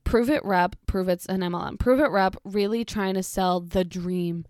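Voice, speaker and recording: A young woman tears into posts one by one in a profane, sarcastic rant, her exasperation plain in every line. Her voice sits at an ordinary middle pitch. It comes across close and dry, with no room sound. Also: moderate pace, darkish tone, no room sound. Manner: sarcastic, exasperated, swears a lot. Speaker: commentary vlogger.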